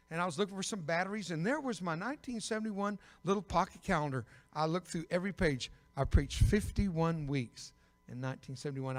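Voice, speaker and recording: An older man preaches a personal testimony from the pulpit. His voice sits a little high, and he tells his story with sudden loud emphasis and dry jokes. The sound carries a long echo from a big church sanctuary. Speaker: evangelist.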